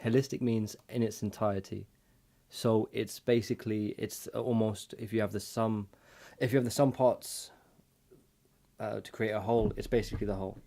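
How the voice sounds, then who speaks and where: A man's voice: lowish voice, steady tone, normal speed, mellow. A man co-hosting a casual reaction chat, rambling and restarting his sentences as he explains things at length. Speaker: co-host.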